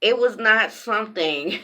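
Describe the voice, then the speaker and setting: Slow, forceful woman cursing bluntly. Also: medium pitch, lively intonation. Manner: blunt, heavy cursing, repeats phrases; raw and emphatic retelling. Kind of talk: casual storytime vlog.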